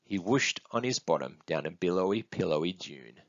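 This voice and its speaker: A man reading a picture book aloud in an expressive, sing-song storytelling manner. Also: sits low, moderate pace, dry recording. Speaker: storybook reader. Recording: dull, dry close recording.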